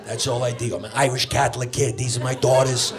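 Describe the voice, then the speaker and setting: A man's voice: medium pitch, fairly even intonation, quick pace, lightly acted. A man playing a brash firefighter dad. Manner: brash, crude, small-minded. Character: blunt Irish Catholic firefighter dad from Queens. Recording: live club with crowd laughter.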